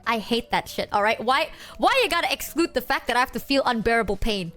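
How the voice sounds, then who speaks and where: A woman's voice: sits high, big pitch swings, fairly quick, few pauses, fairly bright tone. A young adult woman streamer talking candidly to her chat, swearing freely and joking at her own expense. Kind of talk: casual livestream chat.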